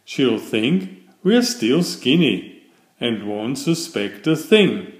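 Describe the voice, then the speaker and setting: A man's voice: medium pitch, sing-song, takes it slowly, echoey room. A man reading as a clever young boy. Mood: scheming. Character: clever resourceful young boy whispering a plan.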